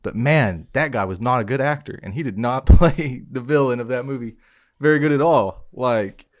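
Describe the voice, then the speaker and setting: A man's voice: mid-range voice, moderate pace. A young man co-hosting a podcast in laid-back, blunt casual banter. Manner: laid-back, blunt, says dog and bro. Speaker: podcast co-host.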